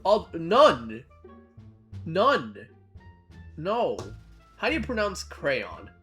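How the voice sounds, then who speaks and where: A video creator in casual commentary, reading quiz questions aloud, thinking out loud, swearing casually and laughing between answers. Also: medium pitch, huge pitch swings, drawn-out words, faint music behind.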